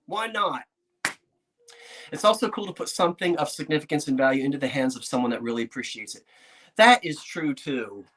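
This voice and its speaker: Antiques dealer, male, excitable vlogger, chatty and prone to laughing. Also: mid-range voice, a little fast. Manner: chatty, excitable, laughs often, talks to himself. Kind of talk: casual vlog talk to viewers.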